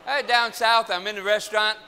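A middle-aged man preaching a sermon, telling funny stories in an animated, joking manner. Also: sits high, a little fast, a little hiss or hum. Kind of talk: sermon with humorous storytelling.

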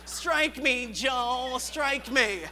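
A man's voice: very high-pitched, very slow, sharp tone, exaggerated voice. A preacher doing a nasal, quirky teenage boy. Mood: deadpan.

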